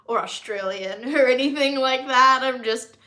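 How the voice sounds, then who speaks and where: This young American vlogger has a high, sharp voice and takes her time as she tastes snacks on camera. Still a bit nasal from a recent illness, she rambles casually with lots of likes and ums.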